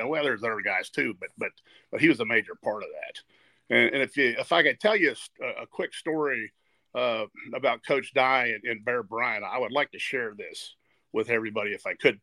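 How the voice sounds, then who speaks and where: A man's voice: mid-range voice, creaky, pushed and bright, no room sound. A man in his sixties from Virginia, telling stories earnestly as a podcast guest and often restarting and repeating his words. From West Virginia. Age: 60s. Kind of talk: storytelling in a podcast interview.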